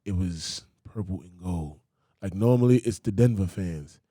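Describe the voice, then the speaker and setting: A young man from Brooklyn, co-hosting a casual chat and cutting in with fast jokes and acted-out quotes. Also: low voice, dark tone, no room sound, clean studio sound. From Brooklyn, New York. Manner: fast joking interjections, jumps in with quotes and punchlines. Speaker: podcast co-host. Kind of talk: casual banter.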